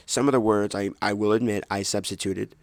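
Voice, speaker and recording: A man's voice: on the low side, steady tone, fairly quick, gravelly, dry recording. A man hosting his own podcast, chatting casually in a rambling way, correcting himself and making jokey asides into a close microphone at home. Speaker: podcast host. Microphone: close desk microphone.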